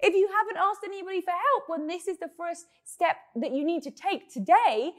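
Lady doing a peppy motivational talk, high voice, lots of "like". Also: brisk. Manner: upbeat, emphatic, filler-heavy pep talk. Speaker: motivational speaker. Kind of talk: motivational monologue.

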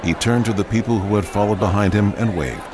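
A man narrating a biblical audio drama in a grave, measured way. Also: fairly low pitch, noisy background.

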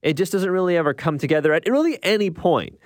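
A man's voice: high-pitched, expressive, fast talker, dry recording, studio quality. A young man hosting a podcast, giving a casual spoken film review full of restarts and tag questions. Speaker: podcast host reviewing films.

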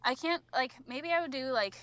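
Young female podcast guest, slightly high-pitched, chatty and filler-heavy. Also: lively intonation, fairly quick, a bit bright, muffled recording. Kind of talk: casual podcast chat.

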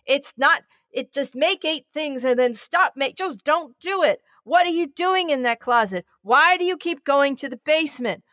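A woman's voice: high-pitched, lively intonation, moderate pace, few pauses, a bit bright, no room sound, clean studio sound. A woman co-hosting a podcast in casual chat, effusive and rambling, with some swearing. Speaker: podcast co-host.

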